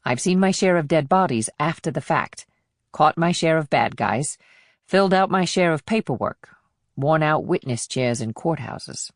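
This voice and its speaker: A woman voicing a blunt, wry female FBI agent in an audiobook, speaking in a low, plain manner. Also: lively intonation, moderate pace, no echo, clean studio sound. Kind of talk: audiobook dialogue.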